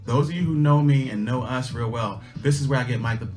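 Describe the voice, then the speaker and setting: With faint guitar music in the background, a middle-aged livestream host shares a relaxed personal story. His mid-range voice moves a little fast, and he is folksy and emphatic, hammering home life lessons through repetition.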